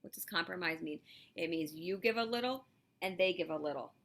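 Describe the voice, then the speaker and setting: A woman teaching a video lesson to elementary school children, lively and encouraging, speaking straight to them. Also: lowish voice, brisk.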